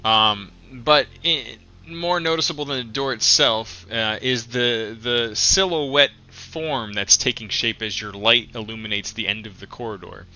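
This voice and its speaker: Game master, male, bright tone, halting and filler-heavy delivery, dull lo-fi call audio. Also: medium pitch. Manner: halting, full of fillers, asks players for detail. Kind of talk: narrating a tabletop game.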